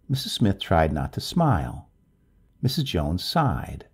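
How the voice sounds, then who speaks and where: A man narrating a short story in a measured, expressive storybook reading. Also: low voice, breathy edge. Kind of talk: scripted narration.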